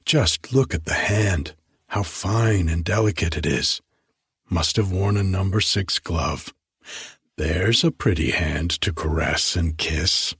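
A man voicing a boisterous young male medical student who mocks and teases loudly. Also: low voice, takes it slowly, breathy edge, dry recording, clean studio sound, exaggerated voice. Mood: admiring. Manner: loud, mocking, excitable.

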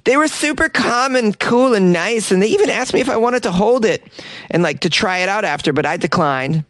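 A man doing a giddy young woman, pitched far above his own voice and rambling breathlessly with "like" after "like". The voice sounds put on for a mocking read-aloud, dry and close. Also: lively intonation, brisk, a bit bright, no echo. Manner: breathy, valley-girl rambling with many "like"s. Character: young woman, flustered and giggly. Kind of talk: mocking quote voice.

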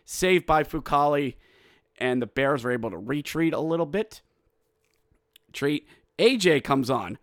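A man hosts a hockey podcast and runs through the game like his own play-by-play announcer. His voice sits fairly high and swings from grumbling to loud excited shouts. The sound is dry and close, with no room around it. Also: measured pace, long pauses, no room sound. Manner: excitable, mock-outraged, shouts during goals. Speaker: podcast host. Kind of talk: animated hockey recap with play-by-play.

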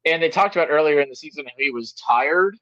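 A man co-hosting a sports podcast, chiming in casually with brisk comments. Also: fairly high pitch, lively intonation, fairly bright tone, no room sound. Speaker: podcast co-host. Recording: dull, dry sound.

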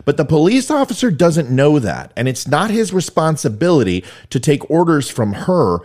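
A man's voice: fairly high pitch, very animated, moderate pace, a little mellow. Blunt man commentating on footage. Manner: emphatic, blunt, explaining step by step. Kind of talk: video commentary on police footage.

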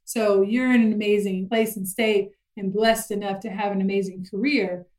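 A middle-aged woman chatting casually about parenting, telling stories lively and acting out her kids' voices. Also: mid-range voice, normal speed, rough recording. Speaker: guest parent.

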